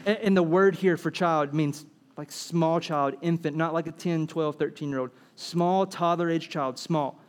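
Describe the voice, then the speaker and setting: Animated high-voiced preacher. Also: male voice, unhurried. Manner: animated, acts out quoted dialogue, asks rhetorical questions. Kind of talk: sermon.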